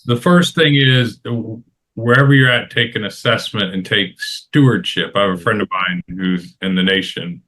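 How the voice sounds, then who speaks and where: A man's voice: lowish voice, moderate pace, bright, forceful tone, slight background noise. A middle-aged man on a roundtable panel, talking in an emphatic, advice-giving way and repeating phrases for stress. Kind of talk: casual roundtable discussion.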